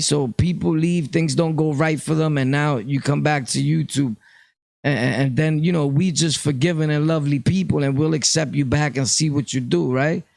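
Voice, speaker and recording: A vlogger and channel host from Brooklyn, New York, has a gravelly voice on the high side, recorded with clean studio sound and no room sound. He addresses his viewers directly in a rambling, streetwise opinion vlog stuffed with fillers.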